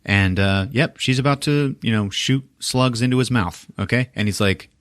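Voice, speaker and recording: A man hosting a podcast, recapping a movie casually with animated retellings, acting out the characters' lines, laughing and swearing often. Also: mid-range voice, normal speed, no echo, studio quality. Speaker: podcast host.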